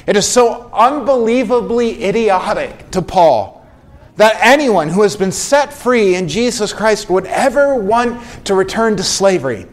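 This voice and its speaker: A man's voice: high-pitched, expressive, measured pace. A man preaching a sermon as pastor, earnest, his voice rising for emphasis.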